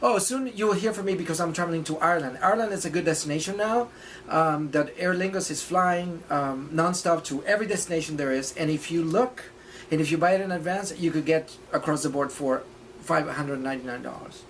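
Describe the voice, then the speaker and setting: A man's voice: fairly high pitch, a little fast, a little hiss or hum. A man co-hosting a casual chat over drinks, talking in a chatty, playful way. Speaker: co-host.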